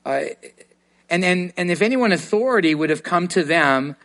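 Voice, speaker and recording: A man's voice: sits high, animated, moderate pace, a bit bright. A man preaching a sermon to a congregation, earnest and given to repeating words as he starts a thought. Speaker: pastor.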